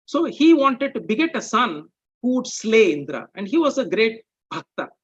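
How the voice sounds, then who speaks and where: A man with a fairly high, slightly husky voice walks listeners through an explanatory talk in a measured way. He keeps stopping to check in with the audience. The recording sounds muffled and lo-fi. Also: big pitch swings. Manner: measured, explaining with rhetorical checks like "okay?" and "right?". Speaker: presenter.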